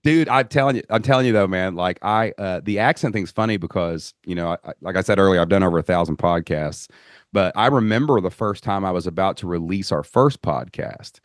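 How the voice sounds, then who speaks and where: A deep-voiced man with a Kentucky drawl hosts a casual podcast chat. He tells stories in a folksy, lively way, and the recording is close and dry. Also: a little fast, no room sound. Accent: Southern US (Kentucky). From Southeast Kentucky. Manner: animated storyteller, folksy phrasing. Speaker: podcast host.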